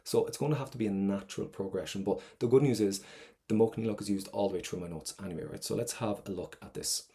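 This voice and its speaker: A man's voice: lowish voice, fast talker, warm tone. A man with an Irish accent teaching an online exam-prep lesson, chatty and encouraging, repeating phrases for drilling.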